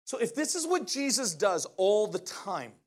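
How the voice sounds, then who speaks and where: A man delivering a casual, conversational sermon with a voice a bit higher than most men's. He talks in an animated way and keeps asking his listeners questions. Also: normal speed. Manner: animated, often asks the audience questions. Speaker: preacher.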